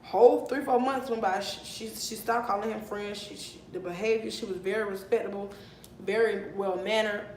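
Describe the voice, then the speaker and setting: A young woman telling a heated storytime vlog, animated and profane, recorded in an echoey room with a faint rumble. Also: moderate pace. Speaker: vlogger.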